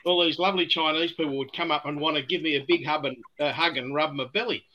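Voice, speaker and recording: A man with an Australian accent, a guest on a casual podcast, telling stories in a relaxed, rambling way over a remote call. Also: on the high side, fast, lo-fi sound, a little hiss or hum. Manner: relaxed, rambling storyteller with a dry chuckle. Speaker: guest distiller.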